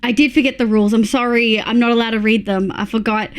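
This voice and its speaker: A young adult woman with an Australian accent, a streamer chatting casually and excitably with her viewers, swearing and thanking them. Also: on the high side, brisk, hardly any pauses, clear, resonant tone. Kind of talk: casual live-stream chat.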